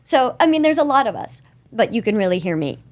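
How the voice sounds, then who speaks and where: Animated voice actress telling stories. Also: female voice, a little high, fast talker. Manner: animated storyteller, slips into character voices. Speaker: voice actress guest. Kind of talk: casual interview chat.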